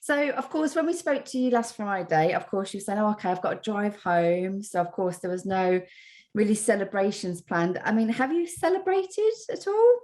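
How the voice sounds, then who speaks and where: A woman's voice: mid-range voice, sing-song, normal speed, darkish tone. Cheerful woman host asking questions. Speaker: interviewer, host. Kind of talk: casual interview.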